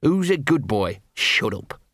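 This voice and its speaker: A man's voice: mid-range voice, very animated, a little slow, a bit bright, slightly rough, dry recording, clean studio sound, full character voice. A man doing a muttering scruffy street dog. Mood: grumbling. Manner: muttering to himself.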